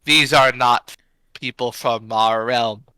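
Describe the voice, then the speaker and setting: A man voicing an ancient talking rock spirit, speaking in slow, grave, cryptic pronouncements. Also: mid-range voice, steady tone, bright, forceful tone, clear, resonant tone, no room sound, rough recording. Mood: solemn.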